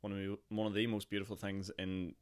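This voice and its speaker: A young man with a Northern Irish accent talks through his podcast in a loose, joking way, with plenty of fillers. His voice sits fairly low and is a bit hoarse and coarse. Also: flat delivery, fast talker. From Northern Ireland. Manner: chatty and jokey, with frequent laughs and fillers. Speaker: podcast host. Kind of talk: casual solo podcast chat.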